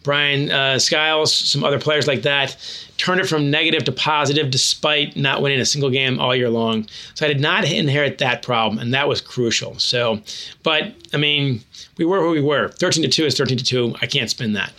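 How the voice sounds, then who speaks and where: A man, an author and former hockey coach, answering interview questions with animated, self-deprecating anecdotes. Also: mid-range voice, normal speed.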